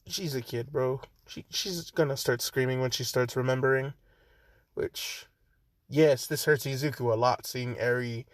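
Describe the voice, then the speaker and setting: Brief: relaxed, slow, rambling male storyteller, casual and profane, dry close mic. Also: medium pitch, dry recording. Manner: laid-back, rambling, frequent 'like' and swearing. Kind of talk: casual improvised story narration.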